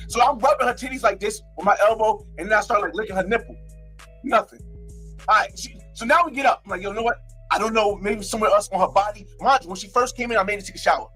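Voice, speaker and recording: A man's voice: high voice, quick pace, pushed and bright, soft background music. A young man from North New Jersey, a live streamer telling a story in a brash, casual way, repeating himself and acting out his own quotes.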